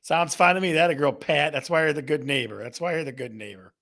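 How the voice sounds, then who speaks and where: A man's voice: on the high side, fast, creaky, a bit bright. A man hosting a casual live-stream chat, playful and teasing as he banters with viewers. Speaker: host.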